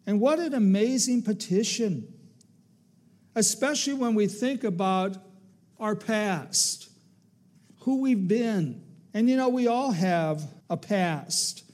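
Slow, mellow-voiced preaching man. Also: high voice, expressive. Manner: measured preaching with slow emphatic phrases and scripture quotes. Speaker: pastor. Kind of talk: sermon.

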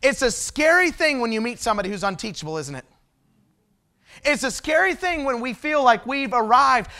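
Bright-voiced man preaching a story-filled sermon. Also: high voice, clear, resonant tone. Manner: conversational, asks the audience rhetorical questions. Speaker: traveling preacher.

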